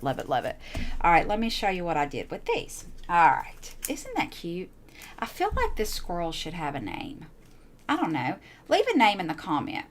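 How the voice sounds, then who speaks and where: Woman, lower voice, gushing, rambling craft-room chatter. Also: a little hiss or hum. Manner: chatty, gushing, repeats herself. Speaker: crafting channel host. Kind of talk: casual show-and-tell crafting chat.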